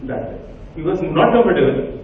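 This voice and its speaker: A man's voice: on the high side, expressive, moderate pace. Indian man speaking in an echoey hall. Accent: Indian English. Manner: directs volunteers with short commands. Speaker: workshop speaker. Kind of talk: interactive workshop talk. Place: large hall with an audience. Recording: echoey hall, far from mic, tinny.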